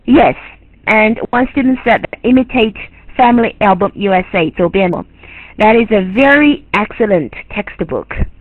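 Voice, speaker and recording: A woman with a Chinese accent teaches English in a bilingual lecture, repeating phrases and quizzing her students. Her voice is a little husky. It comes through a dry, tinny, phone-like line. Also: medium pitch, animated, normal speed, no room sound. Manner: repeats and restarts phrases, asks the class questions. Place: online lecture.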